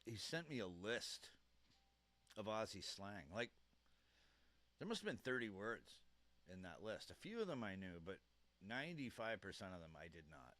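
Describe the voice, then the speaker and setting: A man's voice: fairly low pitch, sing-song, normal speed, long pauses, fairly bright tone. A man hosting a live stream at home on a dynamic microphone, chatting casually in a rambling way, chuckling often and trailing off mid-sentence. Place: home room with a computer fan.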